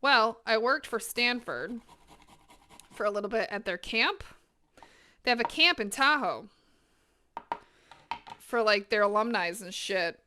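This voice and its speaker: A woman's voice: on the high side, a little slow, pauses often, slight background noise. A woman chatting energetically with her viewers while cooking on a live stream in her home kitchen, swearing freely as she talks. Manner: energetic, chatty and profane, talking to chat.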